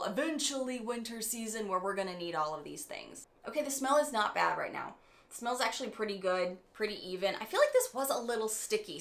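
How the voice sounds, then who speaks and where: A woman with a bright, forward-placed voice talks her way through a makeup unboxing in easy, chatty vlog style. She gets excited easily and drifts into rambling side stories before pulling herself back on track. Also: mid-range voice. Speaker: beauty vlogger. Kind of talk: casual unboxing chat.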